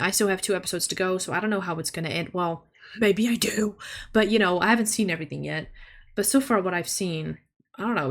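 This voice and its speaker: A woman's voice: fairly low pitch, a bit bright. A young woman chatting casually on a stream, swearing freely and breaking off to talk to her kitten. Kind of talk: casual chat.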